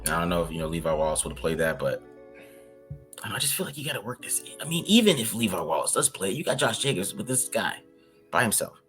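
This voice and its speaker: A man's voice: low voice, sing-song, fast talker, fairly bright tone, faint music behind. A man co-hosting a casual film-review chat, talking loosely with lots of restarts and laughs. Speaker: podcast co-host breaking down game film.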